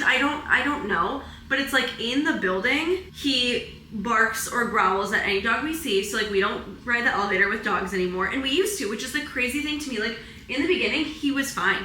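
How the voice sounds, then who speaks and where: A woman's voice: a little high, pushed and bright, reverberant, a little hiss or hum, rough recording. A young woman vlogging at home in a rambling, emotional way, saying "like" constantly and close to tears. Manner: rambling, heavy use of "like", emotional and tearful. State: teary, close to crying. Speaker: wellness vlogger. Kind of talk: casual confessional vlog. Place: apartment at home.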